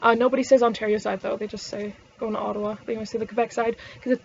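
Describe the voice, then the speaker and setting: A woman's voice: fairly high pitch, little pitch movement, very fast, vocal fry, dull audio, a little hiss or hum. A Canadian woman vlogging in casual chat, rambling and swearing, often correcting herself mid-sentence. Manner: rambling and profane, with frequent self-corrections.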